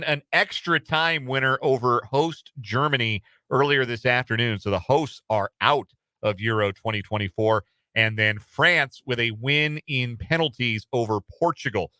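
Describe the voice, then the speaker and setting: A man's voice: mid-range voice, bright, forceful tone, no echo. A man hosting casual sports talk radio in a studio, rambling and self-deprecating with lots of fillers. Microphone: studio microphone.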